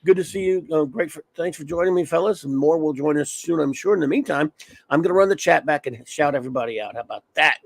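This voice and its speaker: A man's voice: fairly high pitch, fast talker, gravelly, dry recording. A man hosting a casual livestream, rambling as he reads off viewer names. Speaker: livestream host. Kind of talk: casual chat.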